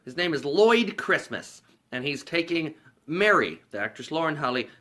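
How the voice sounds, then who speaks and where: A man's voice: medium pitch, very animated, moderate pace, pushed and bright. A man hosting a casual movie review vlog, recapping scenes in a rambling, profane way and laughing along.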